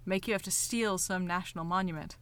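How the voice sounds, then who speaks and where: A woman's voice: lowish voice, fairly quick, a bit bright, smooth. Podcast lady, wry and kinda hesitant, pokes fun at herself. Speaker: podcast co-host. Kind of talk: casual chat.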